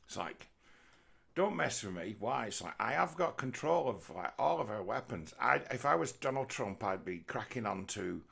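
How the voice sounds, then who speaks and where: A man's voice: fairly low pitch, expressive, moderate pace, creaky, hardly any pauses, fairly bright tone, slightly rough. A middle-aged man telling a rambling, sweary comic monologue, breaking into mocking voices. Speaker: comedian. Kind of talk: rambling stand-up style monologue.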